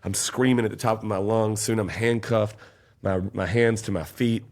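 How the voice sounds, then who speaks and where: A man's voice: on the low side, steady tone, normal speed, a little mellow. A man, telling an intense, emotional personal story as a podcast guest. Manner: intense, emotional storytelling, raising his voice at peaks.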